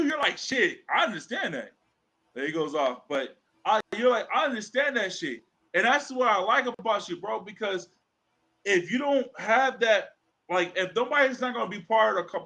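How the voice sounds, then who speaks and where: A man co-hosts a podcast in loose, casual chat, his voice sitting high and bright. He tells stories animatedly, acts out the lines people said, and swears freely along the way. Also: low-quality recording. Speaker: podcast co-host.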